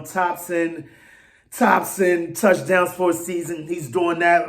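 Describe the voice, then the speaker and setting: A man ranting casually to camera as a sports fan vlogger, excitable and rambling, with slang and restarts. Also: fairly high pitch.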